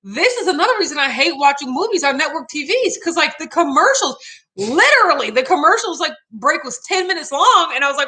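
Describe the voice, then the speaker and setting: A Southern American woman hosting a casual livestream. She reads out viewer comments and chats in an animated way, with many filler words. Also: sits high, brisk. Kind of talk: casual live chat.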